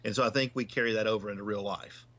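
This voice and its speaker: A man's voice: lowish voice, fairly even intonation, very fast, fairly bright tone, dull audio. A man with a Southern US accent, a podcast guest talking things through and stumbling over repeated words. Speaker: guest, paranormal investigator. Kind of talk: casual chat.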